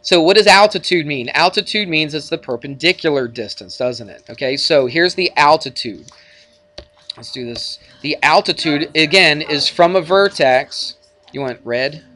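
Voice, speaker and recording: A man's voice: fairly high pitch, moderate pace, bright, forceful tone, slight background noise. Chatty male math teacher. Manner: chatty, jokey, bantering with students. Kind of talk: classroom lecture. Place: classroom.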